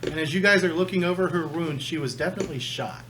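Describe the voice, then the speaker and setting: A man's voice: fairly high pitch, quick pace. A man running a tabletop game as game master, giving rules in a matter-of-fact way. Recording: noisy home recording.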